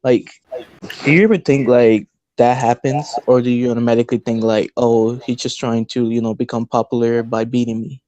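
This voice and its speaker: A man's voice: medium pitch, little pitch movement, moderate pace, mellow, dull audio. A man hosting a gaming podcast, asking a long rambling question full of fillers. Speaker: podcast host. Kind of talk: casual podcast chat.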